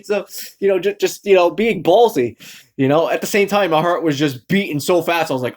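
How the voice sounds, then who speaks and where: A man's voice: fairly high pitch, a little fast. Rambling young man from Massachusetts. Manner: rambling, many fillers and restarts; animated, acts out quoted lines. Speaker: vlogger. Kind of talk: casual storytelling rant.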